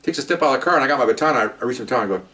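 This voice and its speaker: Fast-talking older man telling stories. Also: medium pitch. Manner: animated, acts out sounds and voices, frequent "okay" and "you know". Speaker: retired police officer. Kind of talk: casual storytelling. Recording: voice a bit far from the mic.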